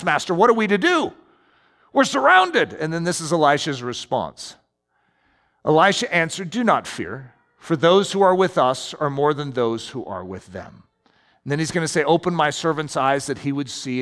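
A man preaching a sermon as pastor, animated, with sudden emphatic rises in his delivery. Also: a little high. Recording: long hall reverb.

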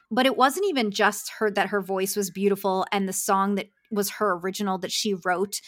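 A woman's voice: mid-range voice, a bit bright. A woman, a success coach, talking earnestly in a podcast interview and laughing often.

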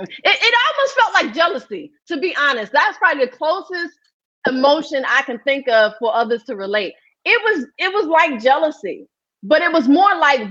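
A woman telling a candid personal story as a podcast guest, animated and often laughing. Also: moderate pace, highs cut off. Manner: animated and laughing, voice jumps high.

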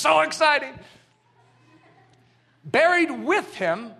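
A man preaching a sermon, telling stories and acting out little scenes, swinging between loud emphatic bursts and hushed lines. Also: extremely high pitch, sing-song, takes it slowly, creaky, pauses often.

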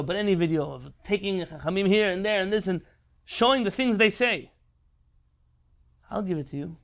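A man giving an impassioned Torah lecture, emphatic and rhetorical. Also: sits high. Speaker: rabbi.

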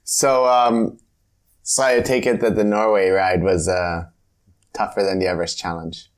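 A man's voice: sits low, level tone, a little slow. A man hosting a casual chat who mostly adds brief, encouraging interjections.

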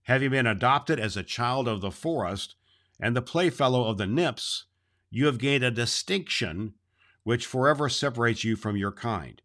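A man's voice: medium pitch, normal speed, fairly bright tone, voice pushed up, close to an everyday voice. A man voicing an ancient master woodsman who speaks with solemn authority. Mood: proclaiming. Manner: proclaiming, authoritative. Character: stern ancient male master woodsman, commanding.

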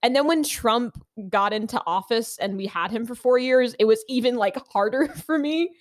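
A woman's voice: on the high side, normal speed, no echo, clean studio sound. An American woman hosting a casual podcast chat, reflective and questioning, thinking aloud with many likes. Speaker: podcast host.

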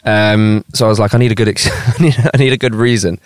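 Low-voiced british man joking around. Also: fast, no room sound, studio quality. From United Kingdom. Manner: jokey, tells tall tales deadpan. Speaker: podcast host. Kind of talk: casual banter podcast. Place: outdoors on a hillside.

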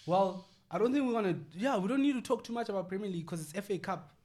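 A young man with a notably high voice co-hosts a football podcast. He jokes, teases and uses street slang in loose, casual chat. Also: quick pace, a little mellow. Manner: joking, banters with slang. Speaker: podcast co-host.

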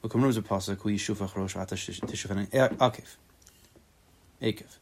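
A man teaching a relaxed Torah class, translating the text phrase by phrase, with joking asides and repeated words as he thinks aloud. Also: lowish voice, rapid-fire, a little hiss or hum. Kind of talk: casual spoken Torah class.

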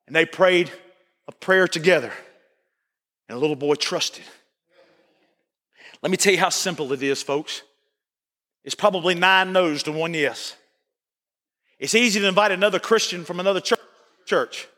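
A middle-aged man preaching a sermon, emphatic and repetitive, at times shouting his points. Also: high-pitched, moderate pace, pauses often. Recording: long reverb of a large church hall.

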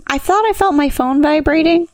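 A young adult woman co-hosting a podcast, telling a story in casual chat, animated and laughing as she acts out what people said. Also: sits high, moderate pace, dry recording. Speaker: podcast co-host.

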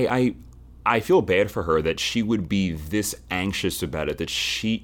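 Male podcast co-host, very low voice, measured and reflective, casual chat.

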